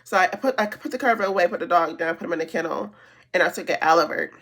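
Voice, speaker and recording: Talking fast in a low, fairly bright voice, a beauty vlogger does her makeup for a get-ready-with-me video while rambling through a long story full of fillers and restarts.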